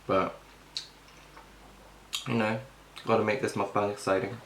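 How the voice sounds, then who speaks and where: His fairly low, level voice is unhurried and fairly bright as this young mukbang vlogger eats and chats casually, rambling with plenty of fillers and food in his mouth. The room is echoey, with slight background noise.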